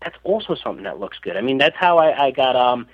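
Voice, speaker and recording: A man's voice: medium pitch, big pitch swings, fast, phone-quality sound. A man talking about stocks as a podcast guest, rambling with many restarts and fillers. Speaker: stock newsletter writer, guest. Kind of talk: casual podcast chat.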